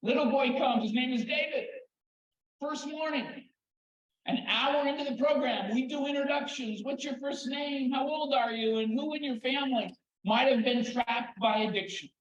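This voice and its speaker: Older guy with a high voice telling kid stories at a conference, big echoey hall, kinda muffled. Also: a little hiss or hum. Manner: warm, animated storytelling with dramatic pauses. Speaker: keynote speaker, children's therapist. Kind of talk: storytelling conference talk. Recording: echoey hall, slightly dull sound.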